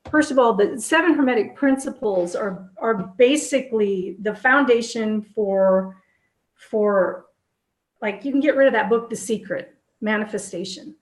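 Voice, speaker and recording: A woman co-hosting a casual spiritual discussion, talking enthusiastically in quick bursts with restarts. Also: on the high side, reverberant. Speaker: co-host.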